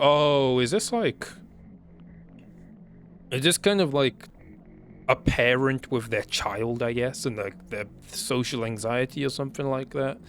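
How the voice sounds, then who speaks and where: A man's voice: mid-range voice, unhurried, long pauses, fairly bright tone, soft background music. A man reading a story game's text aloud, stumbling over words and breaking off to comment.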